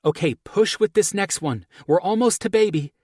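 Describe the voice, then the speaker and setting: A calm, collected woman coaches steadily in a raised, lighter voice, as a male narrator puts her on. The reading is lively in pitch and dry and close. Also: moderate pace, husky, no echo. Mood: coaching calmly. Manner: cool, calm, collected, encouraging. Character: calm, capable woman taking charge. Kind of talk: audiobook character voice.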